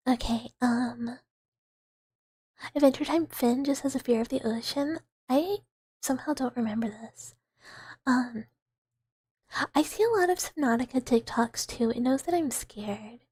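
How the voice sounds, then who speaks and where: A young woman streaming, softly whispering and giggling through her chat in a whispered role-play as a mouse character. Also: high-pitched, measured pace, long pauses, breathy edge, dry recording. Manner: soft whispery chatter with frequent giggles. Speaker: VTuber streamer. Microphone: close ASMR microphone.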